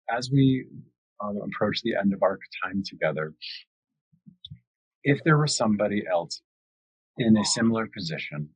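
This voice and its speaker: Very husky low-voiced male host. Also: dry recording. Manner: affirming, reflective, repeats key words for emphasis. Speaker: podcast host. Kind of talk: reflective interview conversation. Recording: dry, slightly dull lo-fi recording.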